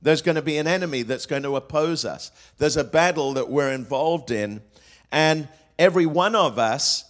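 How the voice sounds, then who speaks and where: With a fairly high-pitched voice, a male pastor addresses his congregation in a sermon. Rhetorical questions and quotations run through it, along with plenty of fillers and false starts.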